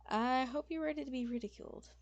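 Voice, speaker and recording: A woman voicing a weary, composed male noble who speaks in a quiet, dry, restrained way. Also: high-pitched, quick pace, dry recording, voice pushed up.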